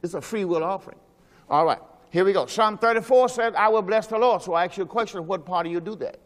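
A man preaching a sermon as pastor. He talks emphatically, asks the congregation questions, and drops into low quiet asides. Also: fast. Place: church sanctuary. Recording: long hall reverb from a church service.

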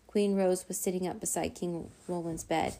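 A woman reading a children's chapter book aloud in a steady, even narrating voice. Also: fairly low pitch, moderate pace. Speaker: storyteller.

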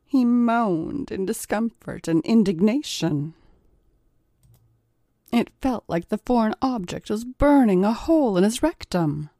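A woman narrating an erotic story in a calm, measured storytelling manner. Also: fairly high pitch, no echo, studio quality.

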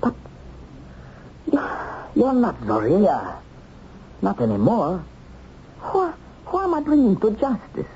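A man's voice: high voice, wildly swooping pitch, takes it slowly, long pauses, darkish tone, slight background noise, exaggerated voice. An actor playing a man who has tracked down a war criminal, taunting and given to chuckles, on a dull old TV soundtrack. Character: male hunter of a war criminal, mocking then torn.

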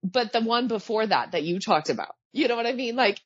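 A woman in her thirties co-hosting a podcast, chatting excitedly and laughing as she acts out other people's lines. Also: a little high, fairly quick, no echo. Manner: animated, laughing, mimics others in quoted voices. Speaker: podcast co-host, pilot. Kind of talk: casual podcast chat. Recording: dry, slightly dull podcast mic.

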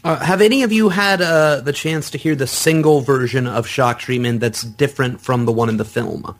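Man, mid-pitched voice, casual film chat, thoughtful and explanatory. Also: moderate pace.

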